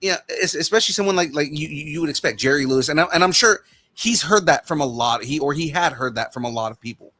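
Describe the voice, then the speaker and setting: Quick, hesitant male podcast host. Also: fairly high pitch, lively intonation, bright, forceful tone. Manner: hesitant, filler-heavy. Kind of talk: casual chat.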